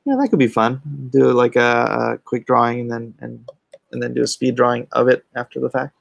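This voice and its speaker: A man's voice: medium pitch, brisk, creaky, no echo, highs cut off. A comic artist hosting a casual livestream, reading viewer chat aloud and answering offhandedly while muttering asides about his setup.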